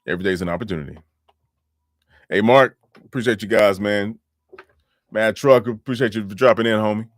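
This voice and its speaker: A man's voice: fairly low pitch, fairly quick, pauses often, no room sound, clean studio sound. A man hosting a casual live stream, talking loosely with lots of fillers and restarts. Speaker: live show host. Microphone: home microphone.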